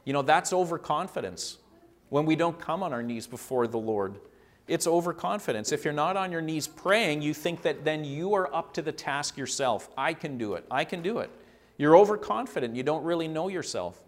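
Earnest man preaching, slightly high voice. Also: expressive, normal speed. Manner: earnest, repeats phrases for emphasis, acts out quoted lines. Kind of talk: sermon.

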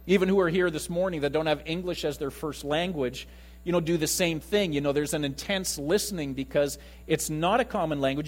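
A man preaching a conversational sermon to his congregation, animated and lively in delivery. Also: a little high. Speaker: pastor.

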